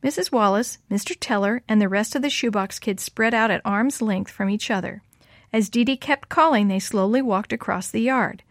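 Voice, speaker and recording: A woman narrating a children's story aloud in a clear, steady way. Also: medium pitch, normal speed, dry recording, studio quality.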